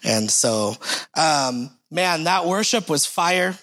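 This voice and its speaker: A man in his thirties giving a relaxed, joking church welcome full of fillers, then praying in a repetitive, rhythmic cadence. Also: on the high side, takes it slowly. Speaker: church speaker giving welcome and opening prayer. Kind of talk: casual church greeting and spoken prayer.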